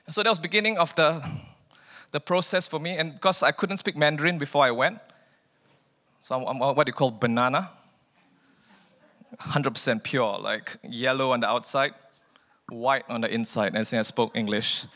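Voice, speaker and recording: A man telling his personal faith testimony in an animated way, acting out the dialogue in his story. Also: mid-range voice, moderate pace, pauses often, big-room sound. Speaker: speaker sharing testimony.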